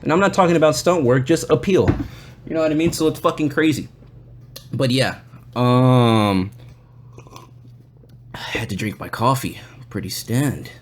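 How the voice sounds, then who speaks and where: A man hosts a casual podcast and tells a story in a loose, meandering way. His speech is full of swearing and fillers as he wanders through the tale. He often slips into quick impressions of other people's lines. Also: mid-range voice, a little hiss or hum. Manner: loose and rambling, swears a lot; acts out other people's lines in quoted voices. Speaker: podcast host.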